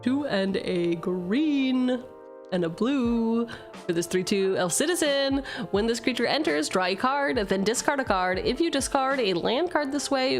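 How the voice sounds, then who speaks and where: Faint music sits behind this woman's unhurried, fairly high voice with its lively intonation. Opening card packs on a casual live stream, she reads card text aloud, makes self-deprecating jokes and swears freely, darting between banter and reading.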